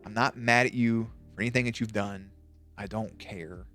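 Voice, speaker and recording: A man's voice: on the low side, moderate pace, a bit bright, soft background music. A man streaming, telling a story in a loose, profane way and laughing at his own punchlines. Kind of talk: casual storytelling on a live stream.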